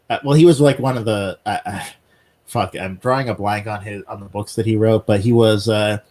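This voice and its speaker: Low-voiced man explaining in halting bursts. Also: a little mellow. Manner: halting, many fillers and restarts while explaining. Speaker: podcast co-host. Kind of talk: casual chat.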